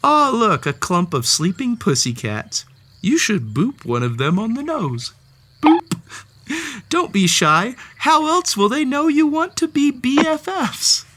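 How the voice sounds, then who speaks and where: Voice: medium pitch, wildly swooping pitch, measured pace, background noise. Playful, wildly sing-song storybook narrator. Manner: playful, theatrical, talks directly to the story's cat. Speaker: storybook read-aloud host. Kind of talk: expressive children's story narration.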